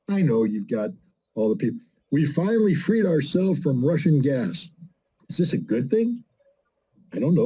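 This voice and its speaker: Brief: male commentator, very dark tone, husky edge, emphatic and scornful. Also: medium pitch, dull audio. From United States. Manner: emphatic, scornful, fires rhetorical questions. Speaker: guest commentator. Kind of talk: political commentary in a conversation.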